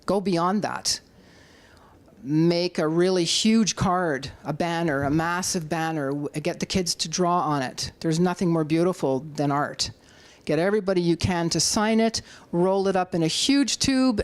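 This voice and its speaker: Speaking at a moderate pace, a middle-aged Canadian woman acts as an activist speaker in an animated community hall talk. She rallies the crowd, slipping into a high voice to act out quotes.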